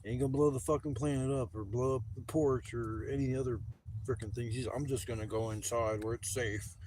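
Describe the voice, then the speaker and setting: A man's voice: mid-range voice, fairly even intonation, fairly quick, a little mellow, a little hiss or hum. A man livestreaming from a campsite, rambling and griping casually with plenty of swearing. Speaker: camping vlogger. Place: outdoors at a campsite. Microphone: handheld camera on a gimbal.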